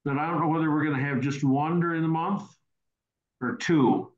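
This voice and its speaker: A man's voice: on the high side, moderate pace. Rambling male host on a roomy call. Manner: rambling, repeats words and restarts. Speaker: host answering questions. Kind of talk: casual Q&A teaching session. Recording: roomy, dull online call audio.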